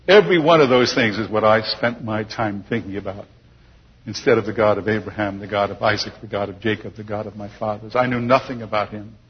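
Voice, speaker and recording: An older man telling his personal testimony to an audience as a chuckling, lively storyteller. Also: on the low side, brisk, husky. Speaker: speaker giving a personal testimony. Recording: dull lo-fi recording with long hall reverb.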